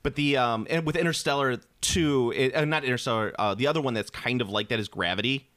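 A man's voice: medium pitch, fast, fairly bright tone, no room sound. A man in casual chat, rambling and opinionated, often restarting his sentences.

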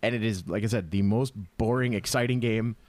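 A man's voice: on the low side, fairly quick, darkish tone, dry recording. A man chatting casually about games, laid-back, laughing often and swearing freely.

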